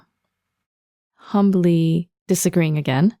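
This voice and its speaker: Japanese teacher, female, mellow gravelly tone, laughs easily, dry studio sound. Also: fairly low pitch, no echo. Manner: explains words slowly, laughs often. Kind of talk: language lesson podcast.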